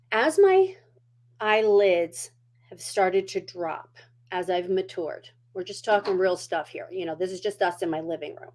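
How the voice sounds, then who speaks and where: A middle-aged woman hosting a casual makeup tutorial at home, chatty and down-to-earth as she demonstrates. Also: mid-range voice.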